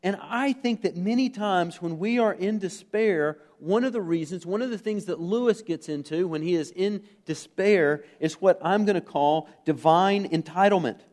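A man's voice: high voice, moderate pace, hardly any pauses, darkish tone. A man from the United States preaching a sermon, earnest and emphatic, putting questions to the congregation, with fillers and restarts. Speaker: pastor.

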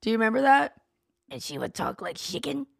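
A woman co-hosts a casual podcast with a gravelly, slightly high voice. She tells stories with animated flair. The recording is dry and close. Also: fast talker, no echo. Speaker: podcast co-host. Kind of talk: casual chat.

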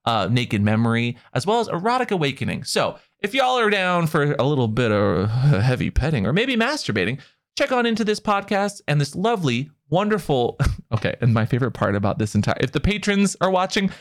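A man's voice: fairly high pitch, very animated, brisk. A man hosting a podcast, introducing a guest in chatty, playful casual talk. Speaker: podcast host.

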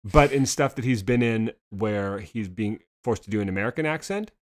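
A man's voice: on the low side, lively intonation. A man co-hosting a casual talk about TV episodes, rambling and restarting his sentences often. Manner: fast, rambling, many restarts. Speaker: podcast co-host. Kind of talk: casual TV discussion.

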